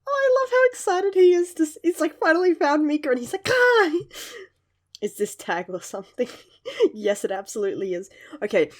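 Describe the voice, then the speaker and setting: Giggly young woman gushing over manga. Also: medium pitch. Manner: gushing, giggly, animated asides. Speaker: manga reviewer. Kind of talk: casual chat.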